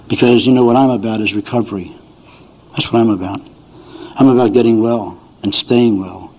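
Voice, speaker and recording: His voice sits fairly low and sounds warm as he shares chuckling, folksy tales at a recovery meeting, doing voices for his relatives. It's an older man addressing an audience, captured on a dull lo-fi recording.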